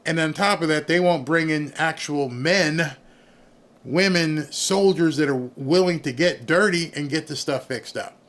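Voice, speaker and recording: A man's voice: fairly high pitch, unhurried, a bit bright. A man, streaming an angry, sarcastic rant in reaction to news clips. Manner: angry, sarcastic, mocks others in put-on voices. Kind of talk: ranting reaction commentary.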